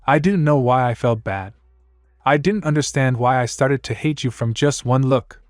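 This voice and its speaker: A man's voice: mid-range voice, normal speed, no echo, faint music behind, lightly acted. Male narrator as remorseful weakened father, pleading, dry close read.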